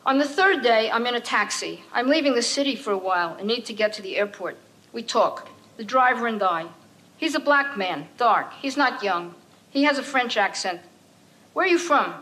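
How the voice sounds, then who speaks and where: A woman giving a measured, quietly intense poetry reading. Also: a little high, lively intonation, poor audio.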